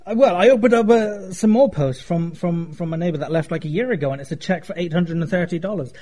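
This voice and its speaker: Dry-joking man, higher voice. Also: quick pace, warm tone. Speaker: podcast co-host. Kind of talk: casual comedic chat.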